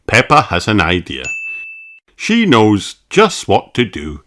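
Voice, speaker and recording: A reader narrating a children's picture book aloud in a slow, expressive way. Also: mid-range voice, over music. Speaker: storybook reader.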